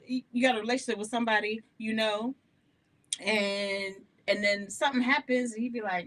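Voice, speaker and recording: A woman hosting a live gospel radio show, talking to listeners in an animated, candid way and laughing often. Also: on the high side, fairly quick, a little hiss or hum. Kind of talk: live-streamed radio talk, testimony.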